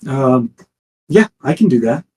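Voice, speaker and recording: A man's voice: medium pitch, expressive, unhurried, a little mellow, low-quality recording. Guy running a tabletop game, kinda hesitant, lots of um and uh. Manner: hesitant, many fillers. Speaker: game master.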